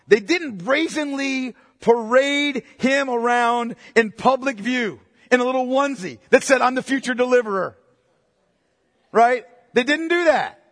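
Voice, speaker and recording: High-voiced man preaching a sermon. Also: fairly bright tone, no echo, studio quality, big-room sound. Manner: emphatic, repeats phrases for stress, asks the congregation questions. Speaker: pastor.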